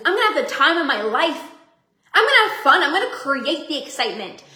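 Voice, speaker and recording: A woman coach and podcast host giving an energetic, upbeat motivational talk to her members, often laughing. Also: high-pitched, roomy sound.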